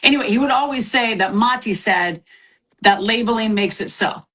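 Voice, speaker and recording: A woman's voice: fairly high pitch, moderate pace, pushed and bright. A woman guest from the American South, chatting energetically and teasing a little on a live stream. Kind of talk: casual chat from a live stream.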